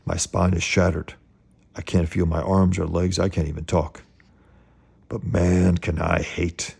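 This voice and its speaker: A man's voice: low voice, little pitch movement, unhurried, vocal fry, darkish tone, slightly rough, exaggerated voice. A man reading aloud as a paralyzed male villain who vows revenge, in a menacing monologue. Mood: hateful.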